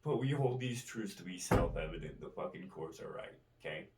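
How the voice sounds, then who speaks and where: A man's voice: low-pitched, lively intonation, normal speed, very noisy. A man vlogging in a profane, rambling monologue, tagging his lines with "right?". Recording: roomy, distant from the mic.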